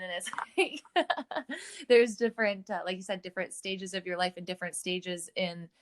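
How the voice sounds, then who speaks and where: A woman's voice: mid-range voice, a bit bright. A young adult woman hosting a podcast, chatting candidly, swearing freely and laughing often. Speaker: podcast host. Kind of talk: casual podcast chat.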